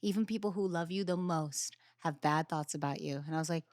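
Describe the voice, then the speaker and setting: A woman's voice: sits low, brisk, dry recording. A young adult woman hosting a podcast in casual chat, telling stories with acted-out quotes and casual swearing. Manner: animated storyteller, acts out quotes, swears casually. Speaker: podcast host.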